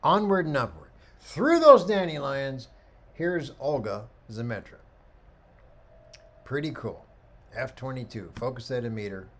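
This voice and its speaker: Animated middle-aged male photography teacher. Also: medium pitch, a little slow, long pauses. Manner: animated storyteller, acts out dialogue. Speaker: photography instructor. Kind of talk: lecture with slide commentary.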